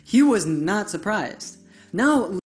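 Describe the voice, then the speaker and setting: A woman narrating a scripted English lesson, explaining words clearly and stressing key terms. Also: medium pitch, very animated, slow, darkish tone, soft background music. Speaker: English teacher.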